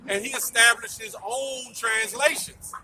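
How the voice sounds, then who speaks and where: A man's voice: extremely high pitch, fairly even intonation, unhurried, bright, forceful tone, distant mic, soft background music, poor audio. A man preaching in a street debate, emphatic, asking questions and repeating his phrases.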